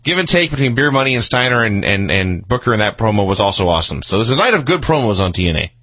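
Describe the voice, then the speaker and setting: A man co-hosting a wrestling review podcast, with dry, wry commentary and quick deadpan asides. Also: lowish voice, dull audio. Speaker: podcast co-host. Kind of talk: casual wrestling review chat.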